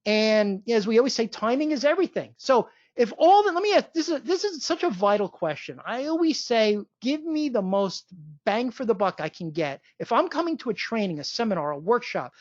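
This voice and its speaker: A woman hosting a webinar, giving an enthusiastic sales pitch full of rhetorical questions. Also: sing-song, fairly quick, few pauses, no room sound. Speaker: webinar host pitching a training event. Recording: dull lo-fi webinar audio.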